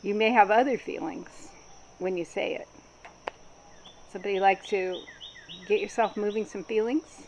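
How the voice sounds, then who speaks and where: A woman guides a group through a workshop in a calm, explanatory voice at an ordinary pitch. She pauses on frequent ums as she explains. A faint hiss sits under the recording. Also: poor audio. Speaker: workshop facilitator.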